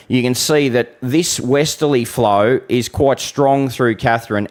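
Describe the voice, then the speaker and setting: An Australian man hosting a live weather stream, talking bluntly and chattily to viewers, calling them mate. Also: on the low side. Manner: occasional mild swearing. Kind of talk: casual live-stream forecast with audience Q and A.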